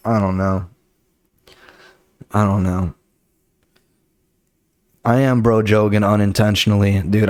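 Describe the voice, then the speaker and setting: Young comedian guy rambling thru stories, lotta swearing, lowish voice, dry close mic. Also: a little mellow, no echo. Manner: rambling, profane, acts out voices of people in his stories. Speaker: comedian podcast host. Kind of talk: casual solo storytelling. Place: Los Angeles area.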